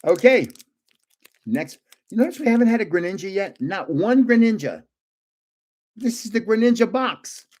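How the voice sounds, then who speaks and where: A man's voice: sits high, expressive, normal speed, pauses often, a little mellow, a little hiss or hum. An older man hosting a casual live stream, chatting and joking as he guesses card names aloud. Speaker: livestream host opening trading cards.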